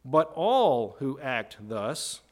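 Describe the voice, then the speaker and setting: A man's voice: medium pitch, big pitch swings, extremely slow, a little mellow. A middle-aged man preaching a sermon in a conversational way, often checking in with "right?". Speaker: pastor.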